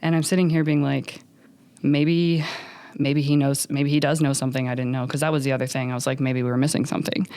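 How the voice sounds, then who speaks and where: Animated woman telling her story, dry sound. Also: a bass voice, quick pace, no room sound. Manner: animated, many fillers, acts out others' lines. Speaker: podcast guest. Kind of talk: storytelling in a conversational interview.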